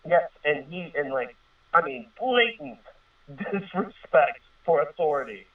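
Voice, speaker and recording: A man's voice: fairly high pitch, sing-song, measured pace. A man in his thirties rambles earnestly through a personal story, full of fillers and restarts. His voice comes through a thin, phone-like line and sounds set back from the microphone. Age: 30s. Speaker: guest telling a personal story. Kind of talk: casual spoken storytelling. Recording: tinny distant phone-line radio sound.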